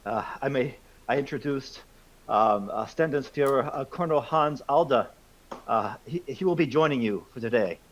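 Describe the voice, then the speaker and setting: A man's voice: medium pitch, animated, normal speed, lo-fi sound, voice pushed up, lightly acted. A man voicing a flustered, out-of-breath male American police officer who stumbles over his words. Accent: put-on American accent. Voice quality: hesitant, stumbling, lots of fillers.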